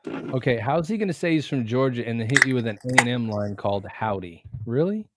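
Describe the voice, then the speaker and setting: A man's voice: mid-range voice, lively intonation, brisk, heavy background noise. A man from Texas co-hosting a casual podcast, teasing the others, swearing freely and acting out funny quotes. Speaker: podcast co-host. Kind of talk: casual chat.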